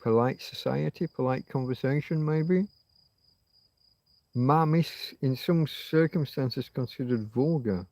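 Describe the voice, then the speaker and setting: Middle-aged Yorkshire man, unhurried meandering livestream host, dry close sound. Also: mid-range voice, a little mellow, no echo. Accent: Yorkshire English. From Yorkshire, England. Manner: musing, meandering, drifts between thoughts. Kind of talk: rambling casual livestream chat.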